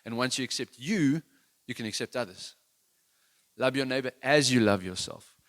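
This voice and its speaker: A man's voice: medium pitch, animated, moderate pace, a bit bright. A man preaching a sermon in an earnest, conversational, self-deprecating way, with many restarts. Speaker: worship leader giving a sermon.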